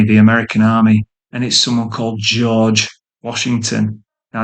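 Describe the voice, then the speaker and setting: A man, hosting a podcast and telling history in a casual, colloquial way. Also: mid-range voice. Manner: chatty, colloquial, animated retelling. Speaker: podcast host.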